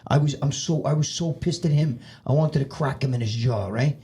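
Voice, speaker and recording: A man's voice: mid-range voice, normal speed. A man guest on a podcast, telling a story casually and with swearing, acting out what other people said. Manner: profane, animated, acts out other people's lines.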